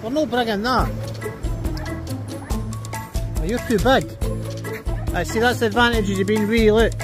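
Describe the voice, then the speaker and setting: A man's voice: high voice, fairly quick, music in the background. A Scottish man chatting casually and swearing as he films himself walking his dog on a beach. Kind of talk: casual chat while walking outdoors. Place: outdoors on a beach.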